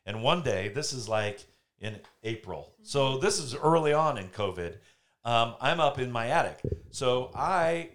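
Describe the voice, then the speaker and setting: A man hosting a casual faith talk from home, telling stories and acting out the quotes he tells. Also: fairly low pitch. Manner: animated storyteller, acts out quotes. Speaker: podcast host.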